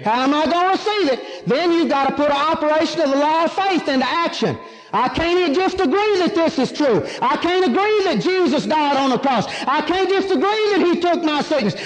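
A man preaching a sermon, emphatic and drawling key words as he asks and answers his own questions. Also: very high-pitched. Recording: long hall reverb.

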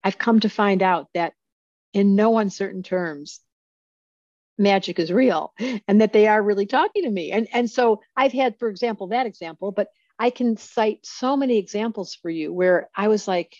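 A woman in her sixties talks through a video call. She tells her stories in a lively, practical way and acts out the lines people said. The audio is a bit dull and muffled, and the sound is dry and close. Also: medium pitch, normal speed, no room sound. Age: 60s. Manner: animated storyteller who acts out quoted speech. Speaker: astrologer guest. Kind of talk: casual interview storytelling.

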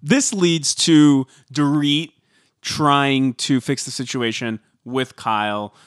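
A man's voice: mid-range voice, fairly even intonation, slow pace, smooth. A man co-hosting a podcast, recapping a reality show in casual chat and hedging with likes and ums. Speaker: podcast co-host.

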